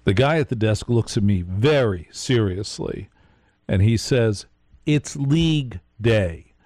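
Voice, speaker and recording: A man's voice: lowish voice, unhurried, darkish tone, no room sound, clean studio sound. A man hosting a live late-night radio show, telling a rambling story and speaking straight to his listeners.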